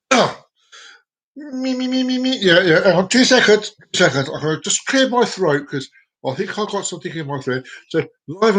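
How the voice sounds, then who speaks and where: A man's voice: on the high side, fairly bright tone, slightly rough. A man hosting a live-streamed comedy show, rambling, self-mocking and repeating words as he tells jokes. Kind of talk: live-streamed joke telling.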